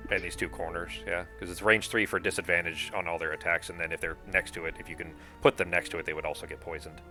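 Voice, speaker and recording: Deep-voiced man running a board game. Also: level tone, fast, sharp tone, faint music behind. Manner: thinks aloud, counts moves, swears casually. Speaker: game master.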